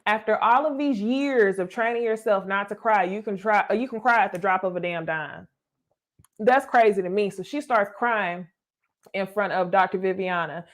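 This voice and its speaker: A woman's voice: mid-range voice, moderate pace. A young adult woman, giving a blunt, casual recap commentary, swearing and calling her viewers y'all. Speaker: reality TV commentator.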